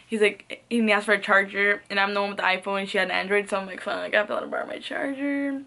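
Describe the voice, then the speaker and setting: A woman's voice: mid-range voice, fairly even intonation, fast, creaky, sharp tone. Young woman rambling through a storytime vlog, lots of "like" and swearing, laughing a bunch. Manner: rambling, profane, peppered with "like"; laughs often between phrases. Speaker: vlogger. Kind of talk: casual storytime.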